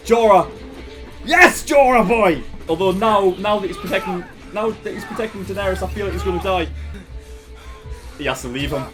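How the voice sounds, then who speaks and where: A man giving live reaction commentary, swearing often and crying out in excitement. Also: sits high, a little fast, music in the background. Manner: swears a lot, cries out in excitement. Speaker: video reactor.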